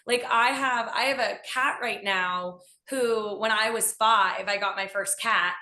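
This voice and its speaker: A woman's voice: mid-range voice, a little slow, sharp tone. A woman guest in a casual interview, speaking with enthusiasm and often acting out playful voices in quotes. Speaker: guest, animal communicator. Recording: echoey room.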